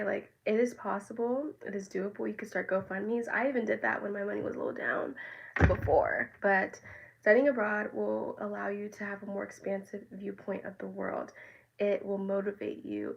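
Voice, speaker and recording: A woman's voice: medium pitch, moderate pace, vocal fry, rough recording. A woman in her twenties from the United States, talking casually to her viewers with lots of fillers and tangents. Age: 20s. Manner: rambling, filler-heavy, tangents and restarts. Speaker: vlogger. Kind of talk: casual talking-head vlog.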